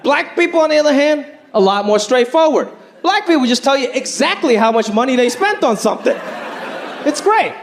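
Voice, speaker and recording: A man's voice: very high-pitched, expressive, a little fast, creaky. A man doing a stand-up comedy set, wry and punchy. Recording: live stage with crowd laughter.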